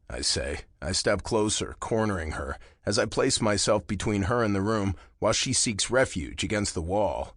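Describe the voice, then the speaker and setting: A man with a lowish voice narrating a first-person romance audiobook in a slow, intimate way. His pitch moves a great deal, dipping low and lifting for emphasis, and the studio sound is dry and close. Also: lively intonation, fairly bright tone, no echo.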